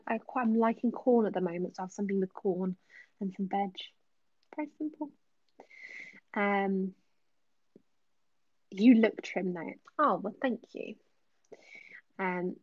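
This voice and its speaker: A woman's voice: medium pitch, measured pace, long pauses, no room sound, lo-fi sound. A woman answering viewers' questions on a casual live stream, chatty with many ums and slipping into whispers. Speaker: ASMR creator answering live chat.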